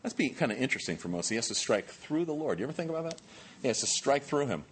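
A pastor giving a sermon, telling the story in a conversational, animated way with many fillers. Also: male voice, mid-range voice, quick pace, a little hiss or hum.

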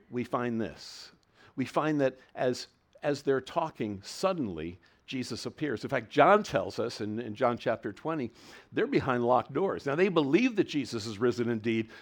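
A male pastor preaching with a lively, rising and falling voice, and an ordinary middle pitch. He builds to emphatic swells and often restarts his phrases mid-thought. He keeps the relaxed flow of a sermon to a congregation.

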